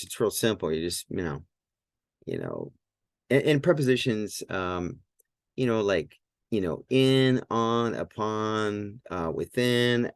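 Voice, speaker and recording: Male language teacher, low voice, stop-start delivery with many fillers, sounds out phrases slowly, dry close sound. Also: no echo. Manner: halting, full of fillers and self-corrections. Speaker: Greek teacher. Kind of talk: whiteboard grammar lesson.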